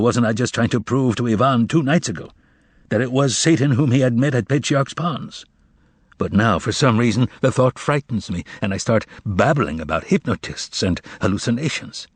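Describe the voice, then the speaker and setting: A man reading aloud, voicing a weary, troubled male writer who speaks quietly and firmly. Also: mid-range voice, expressive, moderate pace, slightly rough, no room sound. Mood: brooding.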